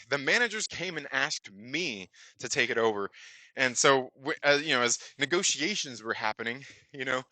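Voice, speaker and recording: On his own channel, a man tells a loose, filler-heavy story and voices the dialogue himself. His mid-range voice sounds pushed and bright, captured in a dry recording.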